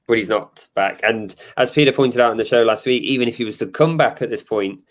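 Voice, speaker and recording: A man co-hosting a casual podcast, explaining things at length with dry humor and frequent fillers. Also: mid-range voice. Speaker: podcast co-host.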